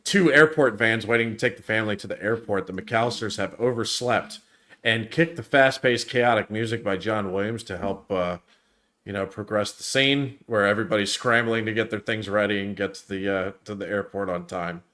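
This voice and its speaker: A man's voice: on the low side, normal speed, fairly bright tone. A man co-hosting a casual review chat, recapping a movie plot in a rambling way with plenty of fillers. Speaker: podcast co-host recapping the film.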